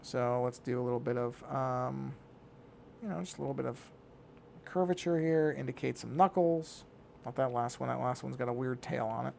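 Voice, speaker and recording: Gravelly man muttering while drawing. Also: medium pitch, moderate pace, darkish tone, a little hiss or hum. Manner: talks to himself while working, muttering. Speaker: digital artist. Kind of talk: casual drawing commentary.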